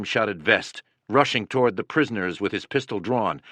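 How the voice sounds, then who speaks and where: A man narrates a history audiobook in a steady, dramatic read. His voice sits on the low side, and the recording is dry and close with no room sound. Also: normal speed, no room sound. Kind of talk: scripted narration.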